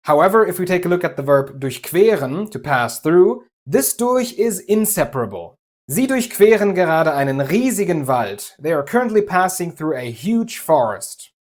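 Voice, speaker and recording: A man from Germany with a German accent, giving a clear, methodical language lesson with light humor. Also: sits high, big pitch swings, moderate pace. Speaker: language teacher. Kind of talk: scripted explanatory lesson.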